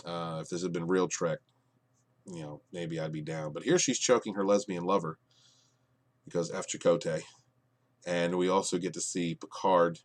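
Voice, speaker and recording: A man giving an exasperated review of a TV show, with lots of fillers and restarts, dropping to low mutters and then bursting out loud. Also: moderate pace, long pauses. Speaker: podcast reviewer. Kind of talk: ranting review commentary.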